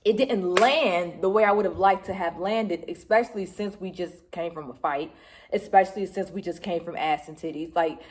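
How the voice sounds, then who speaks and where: A middle-aged woman from Detroit, a music vlogger telling a casual recap to her phone camera, lively, swearing freely and acting out what people said. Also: on the low side. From Detroit, USA.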